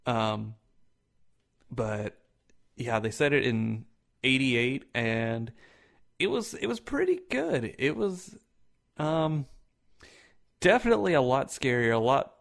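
A man co-hosting a podcast in casual chat, telling stories with lively energy, swearing freely and laughing loudly. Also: mid-range voice, gravelly. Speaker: podcast co-host.

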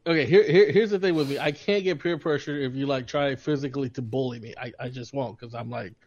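A man's voice: mid-range voice, brisk, darkish tone, muffled recording. A man co-hosting a podcast in casual chat, telling a story with laughs and stammered restarts. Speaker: podcast co-host.

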